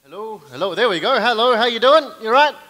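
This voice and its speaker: A young man with a New Zealand accent doing live stand-up comedy on stage, with self-deprecating, deadpan asides to the audience. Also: very high-pitched, brisk. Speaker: comedian and card manipulation performer.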